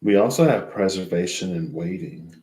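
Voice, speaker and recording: A man's voice: low-pitched, moderate pace, warm tone, reverberant. A sleepy man doing a casual tarot reading, reading from a guidebook and rambling as he thinks aloud. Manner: rambling, thinks aloud and loses track mid-sentence. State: sleepy, yawning. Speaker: tarot reader.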